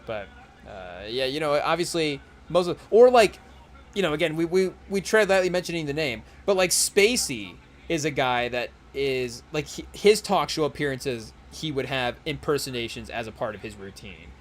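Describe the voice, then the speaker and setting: A man's voice: on the high side, lively intonation. A young man hosting a podcast, chatting loosely about a basketball game as he watches, full of fillers and restarts. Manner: rambling, filler-heavy, tries quick celebrity impressions. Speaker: podcast host. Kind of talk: casual live game commentary.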